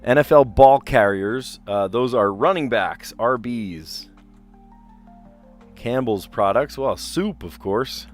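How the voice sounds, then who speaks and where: A man streaming himself solving word puzzles, chatting casually and thinking out loud as he reads clues. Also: medium pitch, takes it slowly, soft background music. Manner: chatty, rambling, reads clues aloud and muses over answers. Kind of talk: casual live-stream commentary, thinking aloud.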